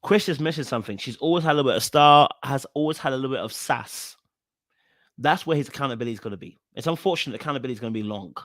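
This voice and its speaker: A man giving casual commentary on a reality show, animated and full of fillers and restarts as he repeats his points. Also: medium pitch, racing, no echo, clean studio sound. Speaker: reaction video host.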